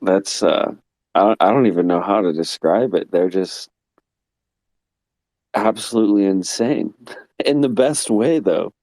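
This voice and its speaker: A man's voice: fairly low pitch, measured pace, pauses often, darkish tone, no echo. A man from Texas chatting casually on an online audio call, rambling and laughing with lots of restarts and swearing, sounding sleepy. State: sleepy, getting ready for bed. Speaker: guest on a live audio chat room. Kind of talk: casual chat.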